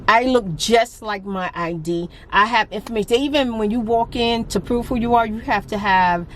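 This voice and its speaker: A woman's voice: fairly high pitch, normal speed, a little hiss or hum. A woman vlogging casually, venting her frustration in a talkative, laughing way. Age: adult with a grown daughter. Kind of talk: casual vlog talk.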